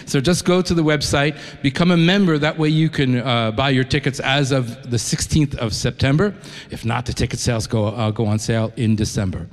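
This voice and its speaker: A man's voice: medium pitch, steady tone, fairly quick. A man from New York who conducts an orchestra, introducing a concert to the audience in an enthusiastic, conversational way with frequent restarts. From New York, United States. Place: concert hall. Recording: long concert-hall reverb.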